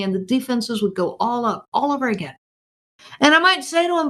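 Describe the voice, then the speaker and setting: A podcast host speaks earnestly and directly to her listeners, firing off questions and repeating phrases for emphasis. Her voice sits on the high side, a little bright, with lively intonation and a fairly quick pace.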